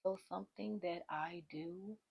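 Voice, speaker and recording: Low, husky young woman giving advice. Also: measured pace, dull audio. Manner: chatty and informal, speaking straight to the viewer. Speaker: vlogger. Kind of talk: casual self-help advice.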